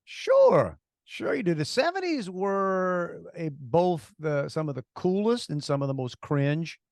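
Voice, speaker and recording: Animated middle-aged man, dry close sound. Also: fairly high pitch, a little slow, no echo. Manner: animated, jumps between topics. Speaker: co-host. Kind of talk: casual chat.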